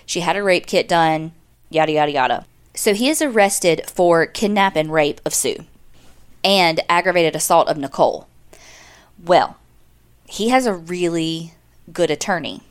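A woman's voice: fairly low pitch, animated, unhurried, clean tone. A woman, casually telling a true-crime story as a podcast co-host, chatty and full of "like.". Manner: chatty, lots of "like", acts out quotes.

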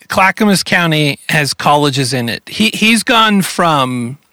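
A man's voice: a little high, animated, slow, pushed and bright, no room sound. A man hosting a podcast, amused and laughing in casual chat. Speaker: podcast host.

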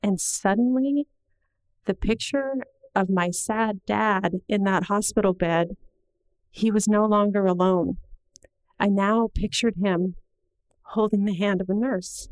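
A woman's voice: medium pitch, smooth, no echo, low-quality recording. Earnest middle-aged woman telling a story. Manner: earnest, measured, slowing at heavy moments. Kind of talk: personal story told to an audience.

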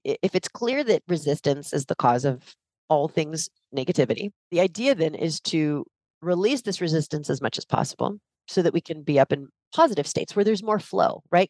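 A woman with a fairly low voice, talking on a video call as a podcast guest. She explains ideas with energetic emphasis and a teacherly drive. The sound is dry and close. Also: no echo. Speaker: leadership coach guest.

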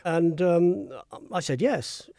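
An older man, a former royal press spokesman, telling anecdotes briskly and acting out the voices he quotes. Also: high-pitched, warm tone, no room sound, clean studio sound. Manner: brisk raconteur who acts out quoted voices. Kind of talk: anecdotal interview storytelling.

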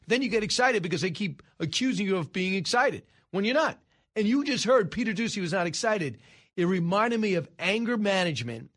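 Animated male radio talk host. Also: high voice, quick pace. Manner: animated storytelling, rhetorical asides.

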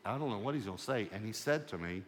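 Pastor, male, lower register, storytelling sermon, conversational with light humor, long hall reverb. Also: animated, fast, a little hiss or hum.

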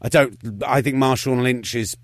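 A man's voice: medium pitch, steady tone, no room sound, studio quality. A man co-hosting a podcast, talking sports in a casual, opinionated and wry way. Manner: opinionated, rapid-fire and wry. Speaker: podcast co-host.

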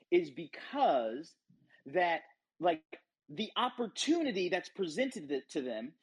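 A man giving an emphatic motivational talk, storytelling to make a point, with a husky voice. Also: high-pitched. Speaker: motivational speaker. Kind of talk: motivational preaching.

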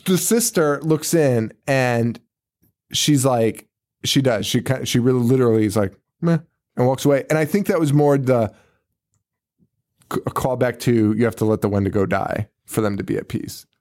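A man with a medium-pitched voice and moderate pace co-hosts a podcast, casually chatting about a horror movie. He's animated and profane, swearing a lot and often breaking into laughter during the review.

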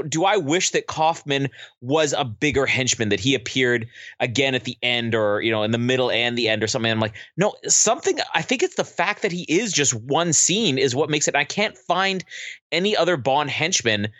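A man co-hosting a podcast, talking enthusiastically over a film with quick bursts of laughter. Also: medium pitch, lively intonation, fairly bright tone, no echo, studio quality. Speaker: podcast co-host. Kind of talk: casual movie commentary.

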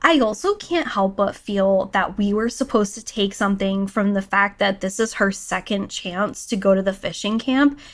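A woman's voice: medium pitch, normal speed, few pauses. A woman co-hosting a casual book-discussion podcast, musing wryly with many asides. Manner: musing, wry, lots of "like" and "right?". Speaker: podcast co-host.

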